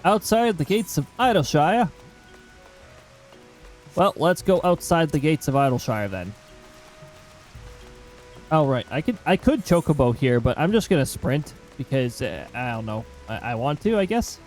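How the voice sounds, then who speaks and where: A man's voice: fairly high pitch, expressive, a little slow, long pauses, darkish tone, faint music behind, poor audio. A man streaming a game live, chatting casually and self-mockingly and reading chat messages aloud.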